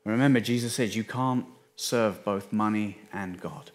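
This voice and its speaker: A man with an English accent, a pastor delivering a sermon in a conversational way, often dropping his voice low for emphasis. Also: normal speed. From England. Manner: conversational, restarts phrases, dips quiet for emphasis.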